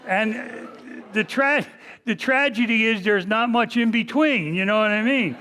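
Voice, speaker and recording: A man in his seventies speaks in a notably high voice as he lectures on history. He rambles and pokes fun at himself. He talks to a big audience in a library hall from a lectern mic. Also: unhurried, bright, forceful tone. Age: 70s. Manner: self-deprecating, rambling, joking. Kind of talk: public lecture with jokes. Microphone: stationary mic at a lectern.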